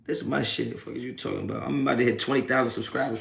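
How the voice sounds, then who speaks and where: A man's voice: mid-range voice, racing, vocal fry, a bit bright, a little hiss or hum. A young adult man streaming a live post-game reaction, cursing and laughing while mocking trolls in the chat. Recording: echoey room.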